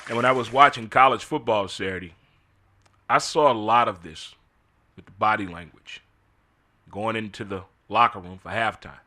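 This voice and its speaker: A man's voice: lowish voice, normal speed, pauses often, bright, forceful tone. A middle-aged man hosting a casual solo commentary, full of incredulous rhetorical questions. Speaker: host.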